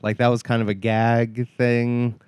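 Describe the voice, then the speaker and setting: A man's voice: medium pitch, monotone, a little slow, a little mellow, clean tone, no room sound. A man co-hosting a casual movie review chat, rambling and acting out mocking quotes with a laugh. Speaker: podcast co-host.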